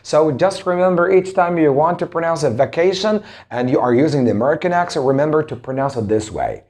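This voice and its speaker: Animated man teaching English pronunciation. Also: a little high. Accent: Arabic. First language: Arabic. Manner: emphatic, drawn-out word drills and rhetorical questions. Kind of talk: spoken English lesson.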